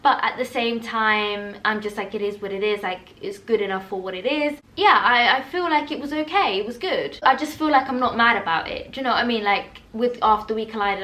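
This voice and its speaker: A young woman, chatting casually and laughing easily as she reacts to and reviews a film. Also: fairly high pitch. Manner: chatty, animated, quick to laugh. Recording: roomy echo.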